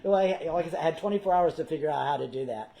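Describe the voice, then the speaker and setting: A man, a guest performer, telling theater anecdotes in a casual interview, animated and theatrical. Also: a little high, very fast, gravelly, over a noisy crowd, poor audio. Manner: animated, theatrical, slips into character voices.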